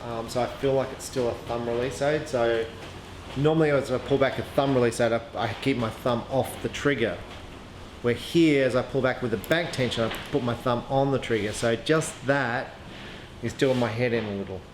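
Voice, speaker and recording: A man talks through a piece of archery gear in a relaxed, unscripted way, often pausing on "um" and restarting his sentences. His voice sits at an ordinary middle pitch. The room rings with echo, and there is a faint hum of ambient noise behind him. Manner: chatty, hesitant, lots of ums and restarts. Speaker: archery equipment reviewer. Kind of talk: casual product review, thinking aloud.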